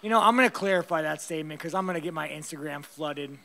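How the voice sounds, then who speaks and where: A man's voice: on the high side, quick pace, sharp tone. A man answering press questions after a fight, blunt and rambling, swearing heavily and tired.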